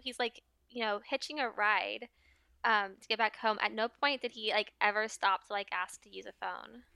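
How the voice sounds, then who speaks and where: A woman co-hosting a podcast, chatting casually about a book, animated and laughing, acting out mock dialogue. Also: medium pitch, moderate pace, gravelly, smooth, no room sound. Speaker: podcast co-host. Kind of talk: casual chat recapping a book.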